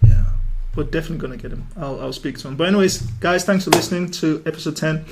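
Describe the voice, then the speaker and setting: Joking podcast host man, fairly high voice. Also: racing, heavy background noise. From Nigeria. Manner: relaxed, joking, trailing off and restarting. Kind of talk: casual chat.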